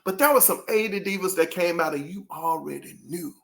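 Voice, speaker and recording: A man's voice: high-pitched, a little fast, gravelly. A man hosting his own channel, talking casually and rambling to his viewers, throwing out rhetorical questions. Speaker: channel host.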